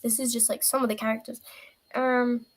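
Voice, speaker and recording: Female streamer, slightly high voice, loose rambling chat, playful. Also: little pitch movement, normal speed, poor audio. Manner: rambling, self-interrupting, playful. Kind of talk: casual live-stream chat.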